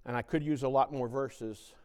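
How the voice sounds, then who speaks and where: A man, a pastor, preaching a sermon and reading scripture with dramatic swings between loud, raised passages and hushed, low reflection. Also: steady tone, moderate pace, clear, resonant tone, big-room sound.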